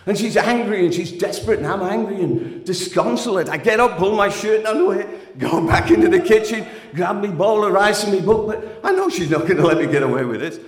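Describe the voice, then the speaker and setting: A man's voice: high-pitched, expressive, fairly quick, few pauses. A man performing a frank spoken-word story with a wry, emotionally swinging delivery. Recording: echoey hall.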